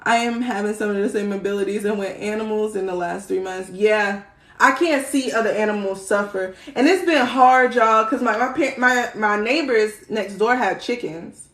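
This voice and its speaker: A woman's voice: medium pitch, moderate pace, a bit bright. A young woman, chatting casually on a live stream, slangy and swearing freely, laughing often. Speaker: spiritual livestream host. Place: indoor room, live stream. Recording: roomy echo.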